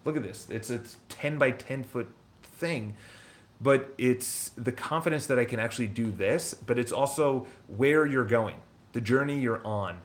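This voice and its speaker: A man's voice: medium pitch, measured pace. Blunt rambling man telling his story. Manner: rambling, blunt, swears freely. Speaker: real estate broker and business owner. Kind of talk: casual personal storytelling.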